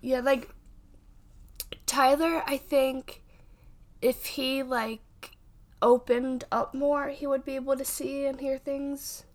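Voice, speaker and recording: A woman in her twenties, a podcast host and paranormal investigator, chats from home on a casual podcast. Her high voice has little pitch movement, moves slowly and pauses often, rambling with many fillers and restarts.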